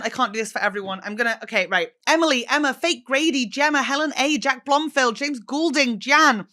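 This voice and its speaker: A woman's voice: sits high, fairly quick, hardly any pauses, sharp tone. A woman hosting a podcast in casual chat, swearing freely and laughing at herself. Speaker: podcast host.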